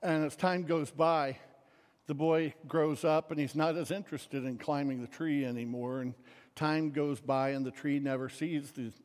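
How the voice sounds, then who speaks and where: A man's voice: on the high side, steady tone, moderate pace, darkish tone, big-room sound. A man telling a story in a sermon, in a casual, rambling way full of fillers.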